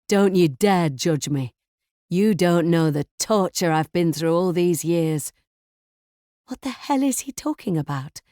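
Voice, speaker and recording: A woman narrating a thriller audiobook in first person, tense and measured. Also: lowish voice, darkish tone, dry recording, clean studio sound.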